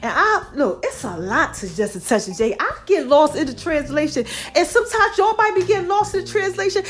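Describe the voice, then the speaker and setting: A woman hosting a podcast, chatting casually and out of breath, calling her listeners y'all and child, with faint music behind. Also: very high voice. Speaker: podcast host.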